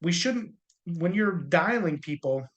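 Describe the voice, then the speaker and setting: A man's voice: high-pitched, expressive, measured pace, fairly bright tone, muffled recording. A man training insurance salespeople in a casual, conversational way, with a jokey touch of corny humor.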